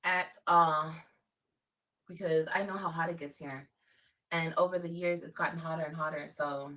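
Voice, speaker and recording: A woman's voice: low voice, steady tone, moderate pace, pushed and bright, far from the mic, rough recording. A woman from Los Angeles chatting casually on a livestream, emphatic and repeating her points. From Los Angeles, California.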